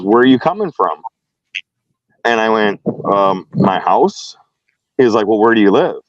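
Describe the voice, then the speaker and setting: A man's voice: fairly low pitch, no echo, dull audio. A man telling a story in casual chat, acting out both sides of a dialogue.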